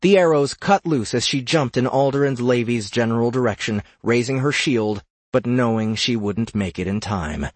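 A man narrating a fantasy audiobook with steady, measured storytelling. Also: medium pitch, dry recording.

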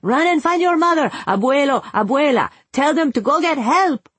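A narrator shouting as a frantic young father. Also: sits high, expressive, moderate pace, no room sound, pitched above the performer's own voice. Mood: panicked shouting. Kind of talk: audiobook narration.

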